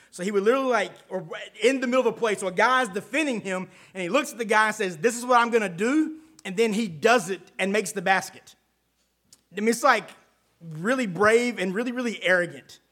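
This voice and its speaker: A man's voice: high voice, fairly bright tone. A man preaching a casual, conversational sermon, folksy and chatty with asides and frequent check-ins with his listeners.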